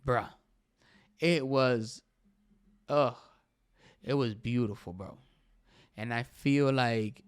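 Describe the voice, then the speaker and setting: Young male podcast host, smooth clear voice, emphatic casual talk. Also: medium pitch, no room sound. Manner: animated, emphatic, says "bro" often. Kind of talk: casual solo podcast commentary.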